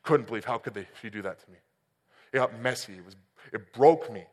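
A man's voice: mid-range voice, fairly quick. Man preaching in a reverberant hall. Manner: personal storytelling with swings from loud to quiet. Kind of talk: sermon. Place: church hall.

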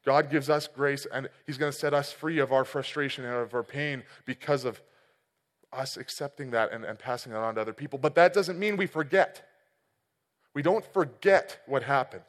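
A man's voice: medium pitch, steady tone, normal speed. Man preaching in a reverberant hall. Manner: personal storytelling with swings from loud to quiet. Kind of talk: sermon. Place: church hall.

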